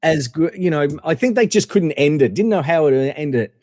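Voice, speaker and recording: Man rambling through a story on a podcast, voice a bit high, dry close mic but with a long reverb tail. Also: lively intonation, normal speed, mellow. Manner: rambling, many fillers and restarts. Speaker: podcast guest. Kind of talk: casual anecdotal storytelling.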